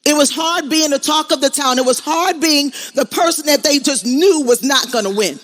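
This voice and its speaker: On stage at an event, a middle-aged woman delivers motivational words at normal speed. Her voice sits high with a fairly bright tone, and she preaches emphatically, repeats herself and calls out to listeners.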